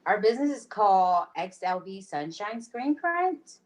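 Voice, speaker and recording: A woman's voice: medium pitch, sing-song, a little slow. A woman in her thirties from Rhode Island, chatting easily with lots of ums and small laughs as a guest talking about her business. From Rhode Island, USA. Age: 30s. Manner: giggly, easygoing, lots of ums. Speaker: guest, screen-print business owner. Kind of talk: casual interview chat.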